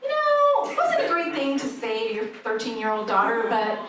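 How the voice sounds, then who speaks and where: A woman comedian doing a stand-up set in a comedy club, with a deadpan, dry delivery of dark jokes. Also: on the high side, moderate pace. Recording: echoey club audio from far off, audience noise.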